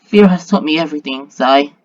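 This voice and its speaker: A man voicing a kindly old king who speaks low, gentle and measured. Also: no room sound, muffled recording, natural voice.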